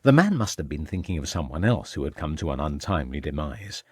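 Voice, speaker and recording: A man reading a crime novel aloud as audiobook narrator, measured and formal, on a close studio mic. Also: a bass voice, big pitch swings, a little mellow, slightly rough, no echo. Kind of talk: scripted narration.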